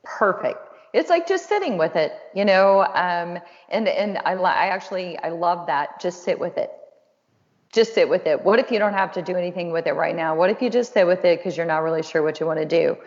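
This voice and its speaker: A woman's voice: on the low side, animated, a little fast. A woman host and counselor talking casually and encouragingly, with a chatty, self-deprecating way of speaking. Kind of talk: casual conversational webinar talk. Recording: dull lo-fi audio with long reverb.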